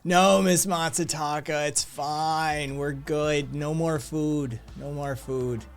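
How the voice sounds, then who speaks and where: A man's voice: a little high, fairly even intonation, slow pace. A man voicing a laid-back young man who runs a noodle stand, politely turning down more food. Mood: protesting. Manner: easygoing, protesting politely.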